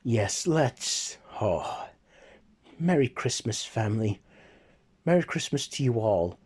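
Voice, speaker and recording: A man's voice: mid-range voice, very animated, darkish tone, pitched above the performer's own voice, heavily acted. Tiny Tim, a man voicing a small sick boy. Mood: hopeful. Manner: slow, breathy, earnest.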